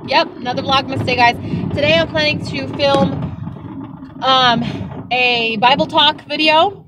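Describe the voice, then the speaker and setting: A young woman chatting casually to her vlog audience, telling stories in an animated, exasperated way. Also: high-pitched, a little slow, very noisy. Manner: animated storytelling, exasperated retelling. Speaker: vlogger.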